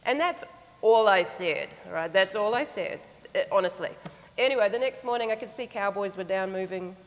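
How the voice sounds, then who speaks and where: A woman at a conference mic tells a personal story in an earnest, reflective way. Her voice sits at a middle pitch and carries a long reverb from a large hall. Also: lively intonation, moderate pace. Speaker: conference speaker. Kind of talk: storytelling keynote talk.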